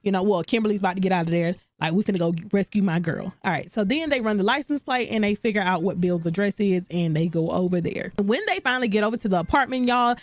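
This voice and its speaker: A woman's voice: mid-range voice, quick pace, few pauses, no room sound. Chatty woman doing a sitcom recap, talks right at you, dry close sound. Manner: chatty, animated, talks straight to viewers. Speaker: recap host. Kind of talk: casual recap commentary.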